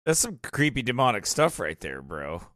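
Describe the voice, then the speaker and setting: Bright-voiced rural American man preaching. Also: mid-range voice, sing-song, moderate pace, dry recording. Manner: repeats phrases, exclaims, wonders aloud. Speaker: host reacting to a documentary. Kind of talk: excited preachy commentary.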